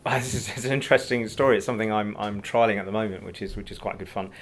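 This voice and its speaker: A man guesting as a business coach, telling his anecdotes briskly and chuckling at his own points. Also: on the low side. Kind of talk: anecdotal interview talk.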